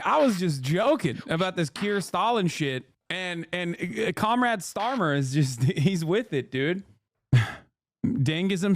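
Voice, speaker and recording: Male streamer, casual political commentary, profane and mocking, smooth voice, dry close mic. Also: on the high side, no echo. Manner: rambling, profane, mocking, repeats himself. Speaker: streamer reacting to news.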